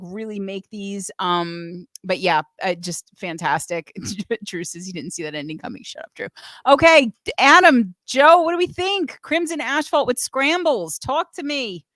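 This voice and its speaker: A woman's voice: medium pitch, animated, measured pace, a bit bright, no room sound, clean studio sound. A woman hosting a live music show, chatting enthusiastically, swearing freely and reading out chat comments. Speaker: host.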